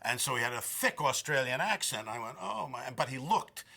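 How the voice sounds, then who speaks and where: A man's voice: mid-range voice, animated, fairly quick, bright, forceful tone. A man in his sixties, a film director, giving rambling, effusive interview answers.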